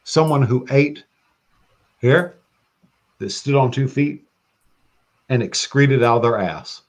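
A man talking as a podcast guest in casual chat, excitable and profane, breaking into loud bursts when quoting. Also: medium pitch, slow pace, long pauses. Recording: dull lo-fi sound.

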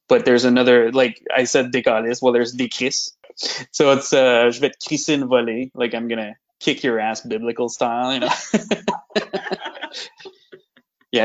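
A man explains slang in a relaxed, hesitant way during a casual podcast chat. His voice sits at a middle pitch. The audio is slightly dull and lo-fi.

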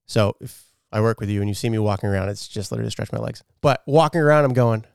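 A man's voice: on the low side, fast, vocal fry, clean tone, no echo, studio quality. A man co-hosting a podcast, chatting casually, swearing often and laughing easily. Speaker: podcast co-host.

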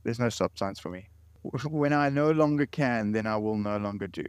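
A man's voice: lowish voice, normal speed, darkish tone, smooth, no room sound. A man in his late forties, a guest in an interview, telling stories earnestly and often repeating words. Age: late 40s. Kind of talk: interview conversation.

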